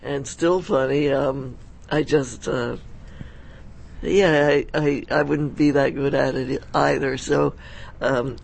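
A man's voice: mid-range voice, steady tone, vocal fry. A man co-hosting a radio show in a studio, chatting agreeably and reading out event listings. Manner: unhurried, agreeable, reads out listings. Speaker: radio co-host. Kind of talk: casual on-air chat and event announcements.

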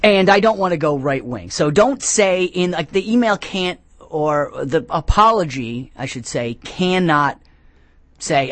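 A man's voice: a little high, animated, a little slow, a bit bright, no room sound. A man hosting a comedy podcast, rambling with sarcastic, jokey asides. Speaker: podcast host. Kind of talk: comedic casual talk.

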